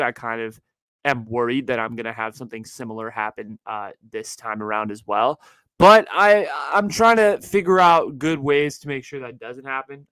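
A young man runs his own show in a chatty, slangy, upbeat way. His voice is smooth and resonant at a middle pitch. The sound is dry and close, recorded indoors at home. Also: sharp tone, dry recording, poor audio. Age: young adult. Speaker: podcast host. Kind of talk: casual chat. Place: indoors at his parents' house.

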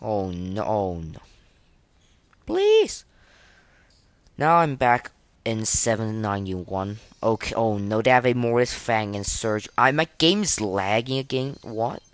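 A man's voice: lowish voice, unhurried, no room sound. A young man giving live gameplay commentary, flustered and self-deprecating, full of fillers and restarts. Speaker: gaming podcaster.

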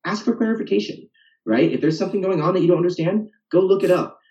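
A man's voice: high-pitched, quick pace, darkish tone. A man, a fitness coach, talking casually on a podcast and ending his points with "right?". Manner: talkative, ends points with "right?". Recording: roomy, distant, dull lo-fi sound.

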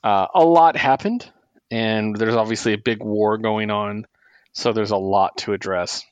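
A man's voice: lowish voice, unhurried, dry recording, dull audio. A man co-hosting a podcast, recapping comics in an enthusiastic, rambling casual chat. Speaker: podcast co-host.

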